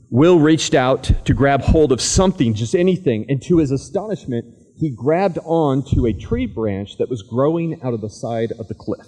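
A man's voice: mid-range voice, darkish tone. A man preaching a sermon as pastor, chatty with the congregation and telling a dramatic story. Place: church sanctuary. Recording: echoey church hall.

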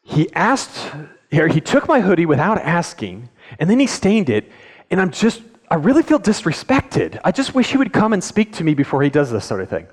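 A man's voice: fairly high pitch, wildly swooping pitch, moderate pace, voice pushed up. A man putting on a whiny upset boy. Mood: hurt. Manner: whiny, complaining. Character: upset young boy, angry at his brother. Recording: echoey hall.

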